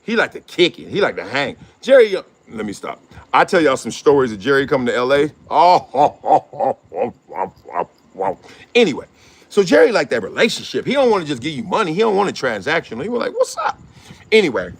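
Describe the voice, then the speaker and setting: A man's voice: mid-range voice, huge pitch swings, fairly quick, slightly rough. A middle-aged man hosting his own show, riffing in slangy casual commentary, laughing often and acting out quotes. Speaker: show host.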